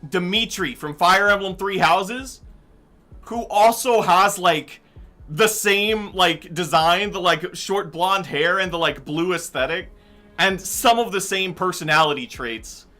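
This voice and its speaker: A young man with a high, bright, forward voice chats loosely while he plays, drifting from one tangent to the next. His talk is peppered with "like" and "um," with an easygoing streamer feel. Faint game music plays under him. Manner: rambling, tangent-prone, heavy use of "like" and "um". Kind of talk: casual chat while gaming.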